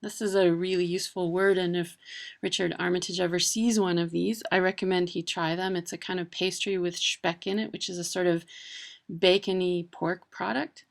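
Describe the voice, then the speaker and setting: Chatty woman with gravelly voice. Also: on the low side, fairly even intonation, moderate pace. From Wisconsin, USA. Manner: chatty, frequent ums and uhs. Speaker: presenter of a language video. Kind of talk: casual informative talk.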